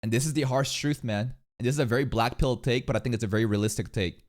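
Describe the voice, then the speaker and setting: A man commenting casually on a clip as a reaction streamer, profane and blunt, with mocking asides. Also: quick pace. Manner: animated, profane, swings into shrill mocking voices.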